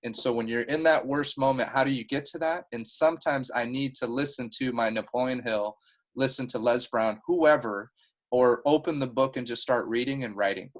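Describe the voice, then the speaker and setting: Team-leader type, man, mid pitch, earnest and heartfelt, rambling motivational talk over a video call. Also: moderate pace, poor audio.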